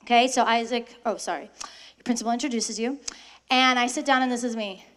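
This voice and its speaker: Speaking at a brisk clip, a young woman gives high schoolers an animated faith talk, putting questions to them and performing the voices of those she quotes.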